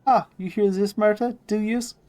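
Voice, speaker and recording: A man's voice: high voice, steady tone, moderate pace, darkish tone, pitched above the performer's own voice, lightly acted. A man voicing a grumpy old woman seamstress in a video game, muttering to herself in a sing-song way. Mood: muttering, cranky.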